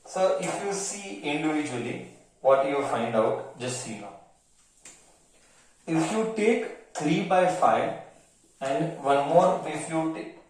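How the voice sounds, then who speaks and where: A man's voice: on the high side, expressive, takes it slowly, pauses often, a little mellow, a little hiss or hum. A male maths teacher with an Indian accent, giving a lesson, mixing Hindi words into English, repeating each phrase and quizzing his pupils. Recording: very echoey room, mic far off.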